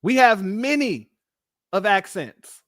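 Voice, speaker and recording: This Californian-accented man, high-voiced and laughing frequently, spins animated stories on a relaxed live stream at a slow pace. His audio sounds close and completely dry.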